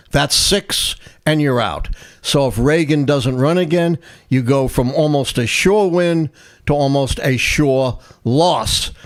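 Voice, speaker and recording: An older man, a historian co-hosting a live election stream, telling a story and acting out the quotes. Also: fairly high pitch. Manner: animated anecdotal storyteller, acts out quotes. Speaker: host, historian.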